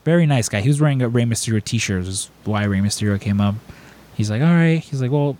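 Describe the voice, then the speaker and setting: A man's voice: fairly low pitch, quick pace. A man hosting a podcast, telling stories in casual chat, rambling and acting out other people's lines in raised voices. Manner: rambling, animated, acts out quotes in raised voices. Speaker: podcast host.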